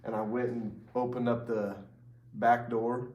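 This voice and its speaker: A man's voice: medium pitch, flat delivery, a little slow, darkish tone, highs cut off. A man casually telling a scary story from his school, rambling with fillers and restarts and laughing at himself. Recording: roomy, from a distance, faint hiss.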